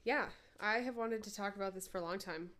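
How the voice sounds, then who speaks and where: A woman's voice: mid-range voice, fairly quick, fairly bright tone. Casual Minnesotan podcast woman. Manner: rambling, profane, with many "like" fillers. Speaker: podcast co-host. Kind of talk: casual chat. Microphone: headphones and studio mic.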